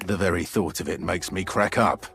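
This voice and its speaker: A man's voice: low-pitched, normal speed, gravelly, fairly bright tone, soft background music. An actor voicing a flirty, polite male talking door in a video game, with a suave, teasing manner.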